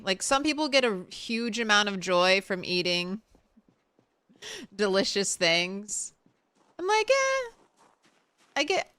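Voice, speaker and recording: A woman's voice: fairly high pitch, bright, forceful tone, smooth, no room sound. A woman from the Southern United States streaming a game and chatting with her viewers in a blunt, talkative way, swearing and laughing now and then. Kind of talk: casual chat while streaming a game.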